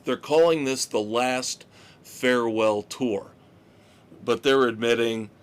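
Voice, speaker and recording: Speaking in a clear, resonant, mid-range voice, an American man hosts a rock podcast. He's chatty and opinionated, stretching out his delivery as he casually runs through tour news.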